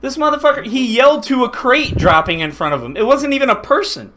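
A man's voice: extremely high pitch, lively intonation, fast talker, sharp tone, slight background noise. A man streaming a game with friends, ranting with lots of swearing over a headset. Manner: profane, agitated ranting. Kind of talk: casual gaming chat.

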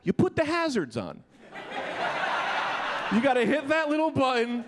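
A man in his thirties doing a stand-up comedy set, animated and shouting his punchlines. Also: extremely high pitch, measured pace, very noisy. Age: 30s. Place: comedy club. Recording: live club with crowd laughter. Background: audience laughter.

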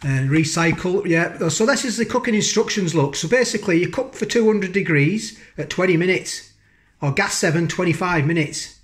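Casual food vlogger, male, slightly high voice, rambling and homely, loves a tag question. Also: animated, moderate pace. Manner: chatty, rambling, keeps asking tag questions. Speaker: food reviewer. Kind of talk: casual food review vlog. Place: home kitchen, indoors.

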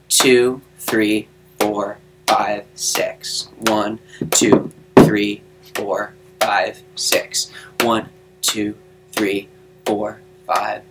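Bright-voiced man teaching rhythm to kids. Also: medium pitch. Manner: clear, patient explaining, counts beats aloud. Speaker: music teacher. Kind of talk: children's online rhythm lesson.

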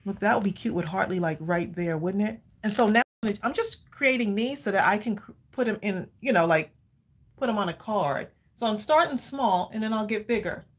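A woman's voice: mid-range voice, lively intonation, normal speed, breathy edge. A woman hosting a casual live crafting stream at home, chatty and rambling with many ums and easy laughter. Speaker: livestream crafting host.

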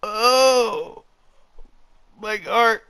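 A man, hosting a gaming channel and yelling, cursing and cheering through live gameplay commentary. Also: sits high, very slow, vocal fry, noisy background. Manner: loud, cursing, shouting at the game.

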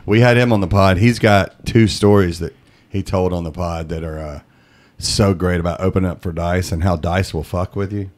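A young man on a podcast, telling comedy stories in a casual, animated way and playing the people he quotes in raised voices. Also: low voice, normal speed. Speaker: guest comedian.

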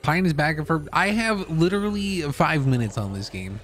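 A young man commentates a game he streams live, cursing freely and shrieking in fright at times. His voice is bright and slightly high, and it swoops widely in pitch. Between outbursts he talks at an easy, unhurried pace. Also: slight background noise. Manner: excitable, swears a lot, yelps in fright.

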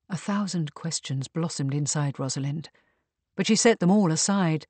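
A woman narrating a historical mystery audiobook in an even, measured reading. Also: deep voice, no echo. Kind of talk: scripted narration.

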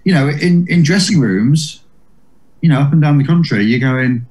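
A man's voice: fairly high pitch, moderate pace, a little mellow. Rambling man telling comedy-circuit stories. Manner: rambling, many restarts and "like"s. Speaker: comedian, guest. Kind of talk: casual interview anecdotes.

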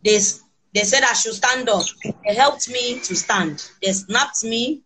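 A Nigerian woman with children recounts her ordeal in halting, restarting sentences. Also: on the high side, bright, forceful tone, a little hiss or hum, low-quality recording. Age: adult with children. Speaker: kidnapping survivor interviewed.

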